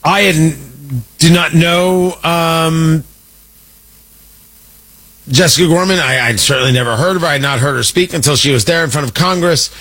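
A man's voice: on the high side, moderate pace, pauses often, a bit bright, husky, rough recording. A man hosting an opinion show, talking in an indignant, combative, mocking way. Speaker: political commentator host. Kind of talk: opinion monologue.

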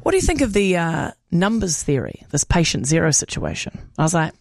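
A woman with a New Zealand accent, a radio host telling an animated anecdote and acting out the dialogue. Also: lowish voice, a little fast, vocal fry, slight background noise. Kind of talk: casual storytelling chat.

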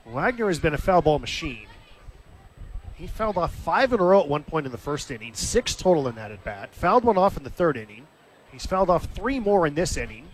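A man's voice: on the high side, brisk, slight background noise. Man calling baseball play-by-play. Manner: steady, conversational play-by-play with brief lifts on the action. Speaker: play-by-play announcer. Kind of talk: live baseball radio commentary.

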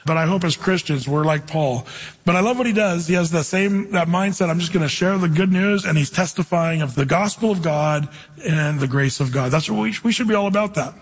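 Casting: man, high and husky voice, casual preacher telling stories. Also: in a large hall, rough recording. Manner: conversational, storytelling, reads scripture slowly. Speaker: pastor. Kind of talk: sermon with Bible reading.

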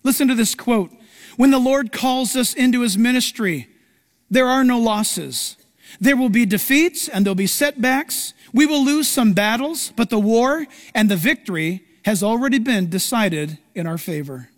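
Man, pastor, dramatic sermon storytelling, high voice, big reverberant hall. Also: normal speed. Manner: animated, dramatic storytelling with acted-out quotes.

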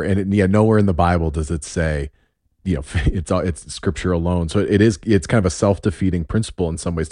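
A male host with a very deep voice reflects on his guest's answers and asks follow-up questions. His speech is thoughtful, and the sound is dry and close. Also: warm tone, no echo. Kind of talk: casual interview.

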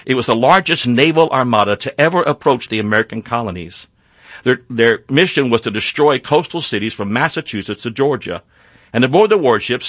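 A man telling a history story in an earnest, measured way, with a few small slips and restarts. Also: mid-range voice, fairly bright tone, no room sound. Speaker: narrator. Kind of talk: scripted history narration.

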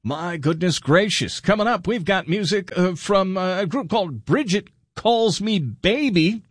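A man's voice: sits high, lively intonation, dry recording, clean studio sound. Loose-talking radio DJ man. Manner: loose, halting, with fillers and musing asides. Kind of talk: casual on-air DJ patter. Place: radio studio.

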